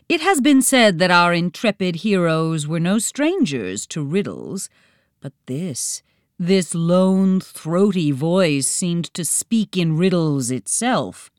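Slow expressive woman storyteller. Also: fairly low pitch, no echo, clean studio sound. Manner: slow, expressive, dramatic reading. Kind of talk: scripted storybook narration.

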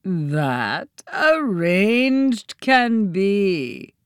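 Woman reader doing a bodiless riddling forest spirit for a storybook: low, throaty, slow, mocking. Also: wildly swooping pitch, a bit bright, no echo, studio quality, heavily acted.

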